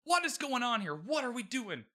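A man giving casual, animated commentary on a book and its show adaptation, swearing freely and asking "you know what I mean". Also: very high voice, moderate pace.

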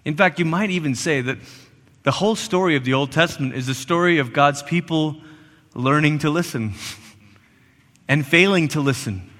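A man's voice: a little high, moderate pace, pauses often, a bit bright. A man preaching a sermon in a church, emphatic and repetitive, sometimes dropping to a near whisper for stress. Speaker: pastor. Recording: long church reverb.

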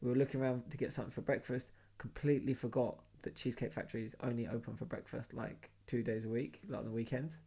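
A young man from London, speaking with a London English accent, casually shares travel stories. His husky, medium-pitched voice moves fast with hardly any pauses, and he animates the tales by acting out quoted dialogue and laughing often.

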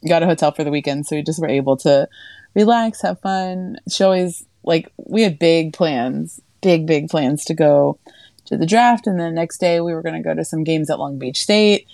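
Young woman, podcast co-host, chatty storytelling, low-pitched, warm dark tone. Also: moderate pace, vocal fry, no echo, studio quality. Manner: chatty, animated, heavy use of "like". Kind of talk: casual storytelling chat.

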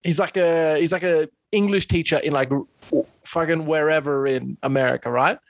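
Animated young Australian man, dry close sound. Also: on the high side, normal speed, creaky, no room sound. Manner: animated, swearing, laughing banter. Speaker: podcast co-host. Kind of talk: casual chat.

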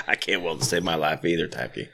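A man's voice: very deep voice, moderate pace, vocal fry, sharp tone. A man co-hosting a casual podcast chat while drinking whiskey, joking around and swearing freely. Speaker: podcast co-host.

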